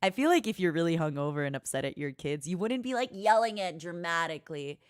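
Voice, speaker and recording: A woman's voice: on the low side, animated, fast talker, clean tone, no room sound, clean studio sound. A woman streamer chatting casually with her audience in a playful motherly persona, calling viewers honey and darling. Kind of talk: casual live-stream chat.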